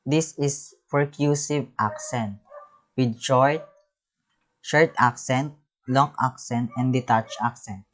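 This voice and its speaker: A man teaching a music lesson, reading terms and definitions from slides in a halting way, often restarting words. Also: medium pitch, poor audio.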